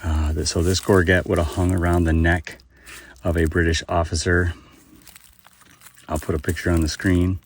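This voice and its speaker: Low husky man detecting outdoors. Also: little pitch movement, normal speed, pauses often, recorded from a distance. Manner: exclaims, rambles with fillers. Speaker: metal detecting channel host. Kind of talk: excited outdoor detecting vlog. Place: outdoors at a dig site.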